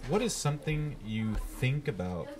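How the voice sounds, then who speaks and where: A man teaching a class and hosting the show, asking questions in a relaxed, playful, teasing way. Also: medium pitch, normal speed, over loud music.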